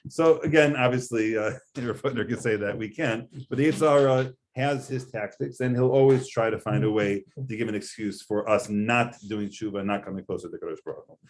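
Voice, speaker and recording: A man, a rabbi, giving a conversational Torah lecture, explaining earnestly with frequent fillers. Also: fairly low pitch. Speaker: rabbi teaching a class.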